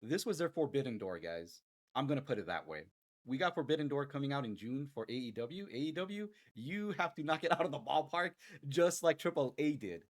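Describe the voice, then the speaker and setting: A man co-hosting a casual wrestling podcast, speaking candidly and emphatically. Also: mid-range voice. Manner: candid and emphatic, building to loud enthusiasm. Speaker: podcast co-host.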